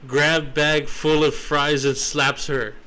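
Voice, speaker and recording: Slow-talking bright-voiced male streamer. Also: fairly high pitch, flat delivery, smooth, poor audio. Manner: laid-back, drawn-out delivery, laughs through reading. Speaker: streamer and host. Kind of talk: casual chat and reading aloud.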